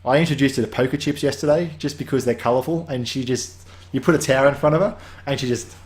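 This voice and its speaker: A man's voice: mid-range voice, fast talker. A man hosting a weekly game update, talking casually in a rambling way that drifts off on tangents and restarts often.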